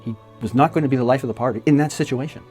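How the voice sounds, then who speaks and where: A middle-aged Canadian magician speaks very fast in a mid-range, darkish voice, sharing fond, chatty stories about a late friend with frequent laughs. It's a casual spoken memorial tribute, with soft music in the background.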